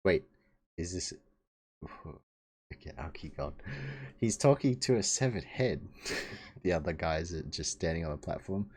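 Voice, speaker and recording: A man's voice: low-pitched, unhurried, long pauses, a little mellow, slightly rough. A man streaming a live reaction to a webtoon, chatting casually and chuckling as he reads.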